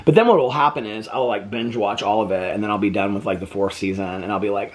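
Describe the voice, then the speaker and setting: A man's voice: brisk, hardly any pauses. A man vlogging at home in a casual, rambling chat full of fillers, cooing to his pet between stories. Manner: chatty, rambling with many fillers; coos to his pet in high baby talk.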